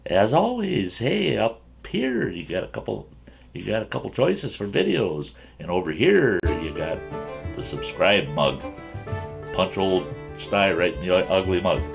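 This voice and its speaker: Gravelly folksy storyteller man. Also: on the low side, very animated, unhurried, soft background music. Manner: rambling, chuckles as he talks. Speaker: storyteller, channel host.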